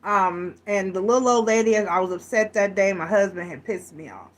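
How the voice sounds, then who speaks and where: A woman's voice: mid-range voice, normal speed. A woman giving a casual tarot reading to camera, chatty and rambling, often correcting herself as she goes. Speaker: tarot reader.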